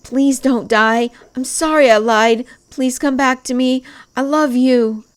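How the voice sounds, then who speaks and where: A woman's voice: sits high, slow, voice pushed up. A woman voicing a heartbroken young heroine pleading desperately, in an audiobook. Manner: emotional, pleading and crying out.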